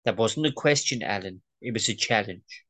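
A performer reading an impatient male boss, brusque, lively pitch, comedy table read. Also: normal speed. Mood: exasperated. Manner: brusque, exasperated.

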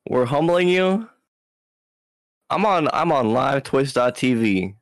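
A man's voice: medium pitch, expressive, slow, no room sound, clean studio sound. A man from Hawaii, a guest on a live stream, joking around in a laid-back way. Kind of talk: casual livestream chat.

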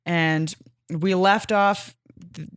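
A woman co-hosting a comics podcast, chatty and giggly, swearing casually in relaxed chat. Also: fairly low pitch, extremely slow, dry recording, clean studio sound. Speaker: podcast co-host.

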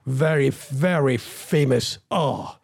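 A man co-hosting a casual chat over a video call, running quiz games and talking haltingly with lots of fillers. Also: mid-range voice, gravelly, a little mellow. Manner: chatty, halting with many fillers. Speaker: co-host.

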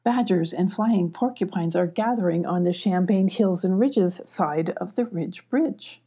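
A woman voicing a wise mother owl in a storybook, hooting and delivering news briskly. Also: on the low side, mellow, breathy edge. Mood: informative.

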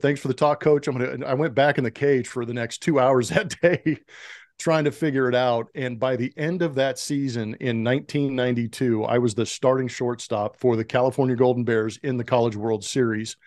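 With a brisk delivery and a mid-range voice, this middle-aged interview guest, a retired pro baseball player, tells podcast stories full of acted-out quotes. There's no echo on the recording.

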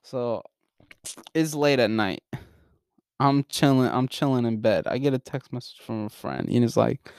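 A man's voice: mid-range voice, normal speed, a little mellow, smooth, no room sound, studio quality. A young man hosting a podcast, telling a crude story in casual chat, swearing a lot and laughing through it. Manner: profane, laughs constantly through his story. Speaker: podcast host.

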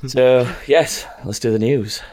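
A young man hosts a loose, chatty podcast. He tells rambling stories, laughs often and swears freely. His voice sits at an ordinary middle pitch. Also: fairly even intonation, takes it slowly. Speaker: podcast host. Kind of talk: casual chat.

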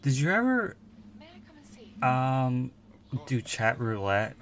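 Slow-talking man hosting a film podcast. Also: medium pitch, big pitch swings, fairly bright tone. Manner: slow, hesitant, crude jokes. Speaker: podcast co-host. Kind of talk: casual film chat.

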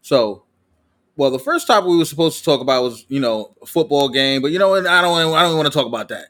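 A man hosting a casual podcast chat, steering topics in a relaxed, loose way. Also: on the high side, fast talker. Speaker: podcast host.

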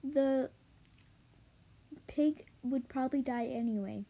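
A woman reading the lines of a calm, practical farm mother in a plain, halting voice. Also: high voice, gravelly, husky, heavily acted. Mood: firm. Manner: plain, halting read-aloud delivery.

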